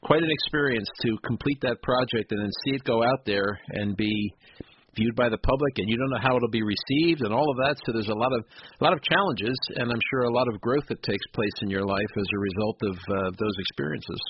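A man's voice: medium pitch, fairly quick, noisy background. Chatty radio host man, dull audio. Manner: chatty, asks long questions. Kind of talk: radio interview.

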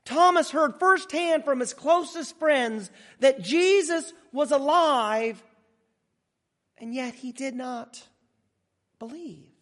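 A man's voice: extremely high pitch, fairly bright tone, big-room sound. A man preaching a sermon to a gathered congregation, dramatic and emphatic, drawing out key words. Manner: dramatic, emphatic preaching with slow drawn-out phrases. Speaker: pastor. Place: large room with an audience.

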